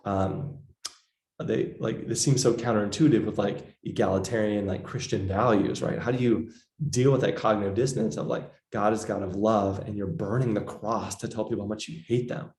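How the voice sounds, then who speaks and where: A man's voice: fairly low pitch, fairly even intonation, moderate pace, a little mellow, echoey room. A man giving a casual psychology lecture, full of fillers, acting out quoted voices. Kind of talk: recorded lecture.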